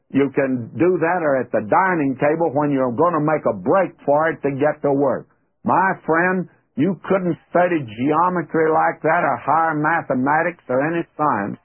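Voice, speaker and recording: A man giving an earnest, folksy radio sermon, his voice rising whenever he quotes scripture. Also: breathy edge. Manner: earnest, folksy preaching, rises in pitch when quoting scripture. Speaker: radio Bible teacher. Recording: tinny, phone-like radio broadcast.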